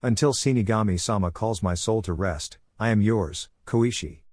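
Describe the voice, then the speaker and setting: A man's voice: fairly low pitch, normal speed, a little mellow, no room sound, studio quality, close to an everyday voice. A man voicing a headstrong young woman reading her wedding vows in a plain storybook manner. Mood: tender.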